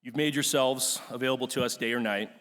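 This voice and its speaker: A man's voice: medium pitch, steady tone, fast talker, a bit bright. A young man, class president, giving an earnest, emotional ceremony speech with frequent fillers in a large auditorium. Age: young adult. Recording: long hall reverb.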